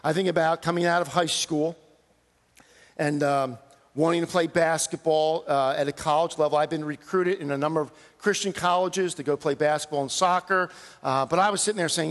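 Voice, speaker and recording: A middle-aged pastor preaches with earnest emphasis, his voice lifting as he reads out pleading verses. He is a man with a fairly high-pitched voice. The sound carries a long reverb from a big sanctuary. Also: fairly even intonation, fairly quick, fairly bright tone. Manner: earnest, preaching with rising emphasis on quoted cries. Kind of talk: sermon.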